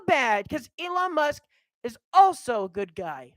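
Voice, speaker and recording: Brief: young adult woman vlogger, heated rant, lively swooping pitch, dry close sound. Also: unhurried, no echo, low-quality recording. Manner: heated, animated ranting. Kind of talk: ranting monologue.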